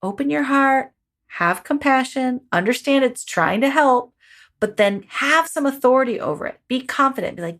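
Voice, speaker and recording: Lively, higher-voiced woman podcast coach. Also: moderate pace. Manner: expressive, encouraging, conversational. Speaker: parenting life coach and podcast host.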